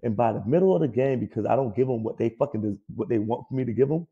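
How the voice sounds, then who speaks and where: On a recording with the highs cut off, a fast-talking man with a medium-pitched, slightly rough voice curses his way through casual sports talk. An ex-pro ball player co-hosting a podcast, he's profane and animated, mocking players by putting on whiny voices.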